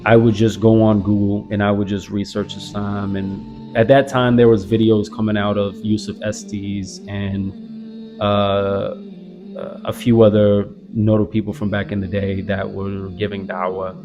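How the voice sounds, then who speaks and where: This is a personal story told by a young Southern convert, sincere and thoughtful, with frequent "like" fillers. He speaks unhurriedly in a fairly low, level voice; the highs are cut off and strong music runs underneath.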